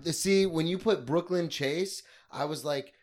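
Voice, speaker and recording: A man's voice: on the high side, unhurried, darkish tone. A man hosting a podcast, chatting casually and joking with his guest. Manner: chatty, swearing, joking interjections. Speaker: podcast host. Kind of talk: casual interview chat.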